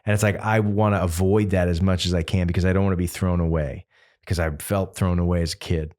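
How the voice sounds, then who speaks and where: A man's voice: sits low, fast. A man in his fifties from Massachusetts, a singer-songwriter telling stories in a loose, rambling way with lots of fillers. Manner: rambling, animated storytelling full of fillers. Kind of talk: casual interview chat.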